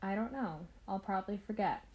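A woman's voice: mid-range voice, a little fast, lo-fi sound. Chatty woman telling history casually. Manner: chatty, with fillers and asides to listeners. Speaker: podcast host.

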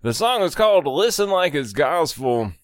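A man's voice: fairly high pitch, very animated, normal speed, no echo, studio quality. A man hosting a casual radio show, rambling and chuckling, with casual swearing as he tells a story. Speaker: radio host.

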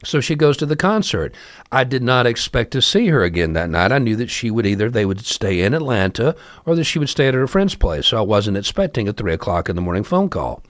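Male storyteller, wry conversational asides, very lively delivery, mid pitch. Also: brisk, no room sound. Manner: wry, chatty, asides to the listener. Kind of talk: casual spoken storytelling.

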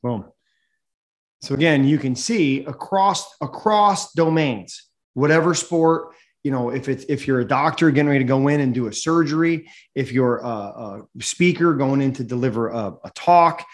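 A man hosting a coaching podcast, talking in an energetic, emphatic coaching manner and reading a sponsor message. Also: medium pitch, moderate pace. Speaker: host and mental performance coach.

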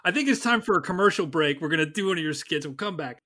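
A man's voice: fairly high pitch, animated, quick pace, bright, forceful tone. A male interview host in casual conversation, leading the guest with probing, conversational questions and easy asides.

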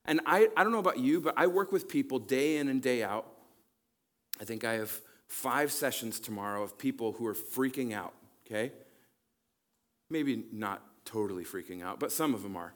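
A man giving a relaxed, conversational sermon as a pastor and counselor, often checking in with "okay?" and "right?" and reading scripture aloud with growing energy. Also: mid-range voice, normal speed. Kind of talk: casual sermon teaching. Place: church campus.

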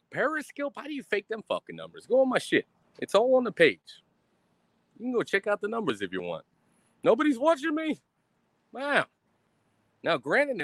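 A man's voice: sits high, no room sound. A man ranting defiantly on a live stream, swearing constantly and mocking his critics with sarcasm.

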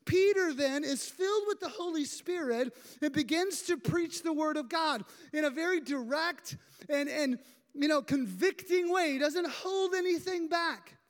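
A pastor preaching a sermon in a church sanctuary, retelling a story in an animated, emphatic way. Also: high voice, a little slow. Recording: long hall reverb.

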